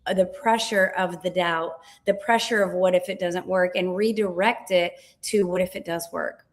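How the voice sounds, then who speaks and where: Animated woman coach in conversation. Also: fairly low pitch, normal speed. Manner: animated, dramatizes with acted-out voices. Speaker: guest, transformational coach. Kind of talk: casual interview chat.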